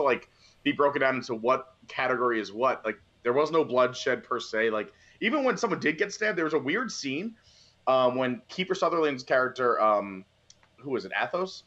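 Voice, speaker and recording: Bright-voiced man rambling about movies. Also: mid-range voice, normal speed, lo-fi sound. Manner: rambling, animated storytelling. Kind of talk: casual movie review chat.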